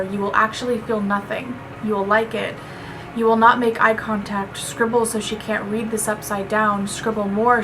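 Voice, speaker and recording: A woman at a medium pitch reviews a poetry chapbook in an earnest, chatty way, stopping to read poems aloud. Her recording carries a clear, steady hiss. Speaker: guest book reviewer.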